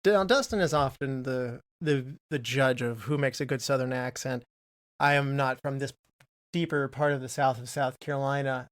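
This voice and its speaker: A man's voice: medium pitch, moderate pace. A man co-hosting a film podcast, chatting casually and reading out trivia in a rambling way. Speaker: podcast co-host.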